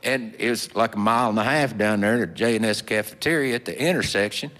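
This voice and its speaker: A man telling a folksy story in a slow, drawling, homespun way with plenty of fillers. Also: on the low side, a bit bright. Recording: long hall reverb.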